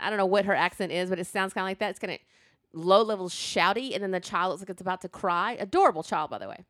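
A woman's voice: mid-range voice, quick pace, a bit bright, no room sound, clean studio sound. A woman hosting a podcast, telling rambling stories in casual chat and laughing often. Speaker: podcast host. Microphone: podcast mic.

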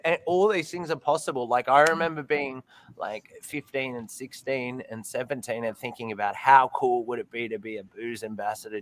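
A man with an Australian accent, chatting loudly over whisky, laughing and swearing freely. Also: medium pitch. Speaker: whisky guest. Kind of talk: casual chat over drinks.

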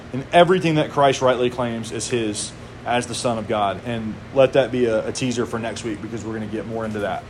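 A man's voice: mid-range voice, slight background noise. A man in his thirties preaching a sermon to his congregation, conversational, with casual asides. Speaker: pastor.

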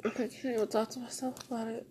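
A woman's voice: fairly high pitch, flat delivery, quick pace, mellow, a little hiss or hum. A young woman podcaster venting in a raw, rambling monologue, swearing and tearful.

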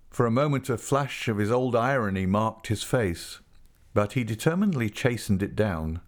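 A man reading a classic novel aloud as narrator, measured and deliberate. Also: deep voice. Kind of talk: audiobook reading.

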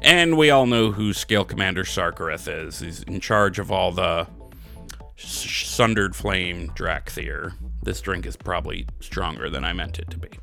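A man's voice: low voice, animated, moderate pace, vocal fry, bright, forceful tone, soft background music. A man co-hosting a gaming podcast, rambling through a joking, profane recap in casual chat. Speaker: podcast co-host.

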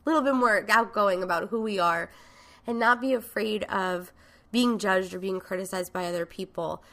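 Bright, gravelly-voiced woman coaching. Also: mid-range voice, moderate pace. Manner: frank, emphatic, casual swearing. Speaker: podcast host and coach. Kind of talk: motivational talk.

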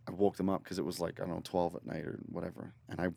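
Fast-talking low-voiced man. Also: creaky, no echo. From Northern Ontario, Canada. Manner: rambling, animated storyteller who swears casually. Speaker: guest musician. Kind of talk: casual storytelling interview. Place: recording studio.

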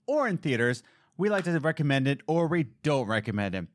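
This is a young man co-hosting a laid-back podcast. His voice sits a little high and jumps around a lot. He tells jokey stories and acts out the people in them, all recorded dry and close. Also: fairly quick, no room sound. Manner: animated, jokey storytelling with mimicked voices. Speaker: podcast co-host. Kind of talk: casual podcast chat.

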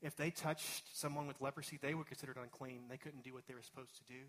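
A man's voice: mid-range voice, steady tone, fast, a bit bright. A male pastor preaching a sermon, talking conversationally and building up to emphatic peaks.

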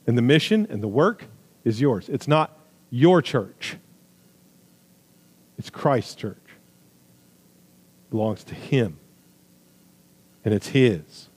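A man preaching a sermon with emphatic, swinging delivery, loud high stresses falling to quiet low asides, with jokey remarks. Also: breathy edge. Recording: long hall reverb.

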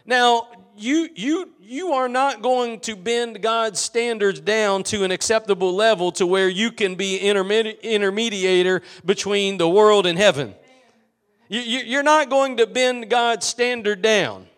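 High-voiced preaching man, emphatic. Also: measured pace, a bit bright. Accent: Southern US. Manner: repetitive, emphatic preaching with rising and falling volume. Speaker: pastor. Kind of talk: sermon. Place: church.

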